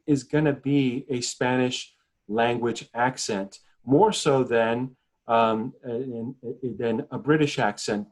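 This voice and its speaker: A man from the New York metropolitan area, speaking as a journalist guest in a video call panel, measured, often repeating words as he starts a point. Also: medium pitch.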